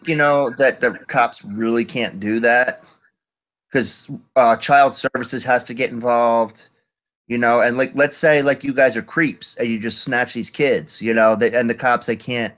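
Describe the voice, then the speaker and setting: A laid-back man talks as a podcast co-host. His voice sits at a middle pitch, and he explains things in a plain, matter-of-fact way. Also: a little slow, fairly bright tone, rough recording. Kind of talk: casual chat.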